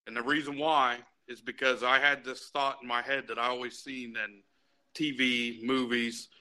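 A man's voice: mid-range voice, level tone, moderate pace, pushed and bright, poor audio. A man speaking up from a group to give a plain, earnest personal testimony.

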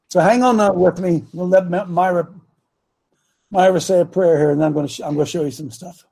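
A man hosting a preaching talk show into a studio microphone. He talks emphatically, repeats his lines and slows right down to hammer his points. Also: high voice, fairly even intonation, creaky, warm tone.

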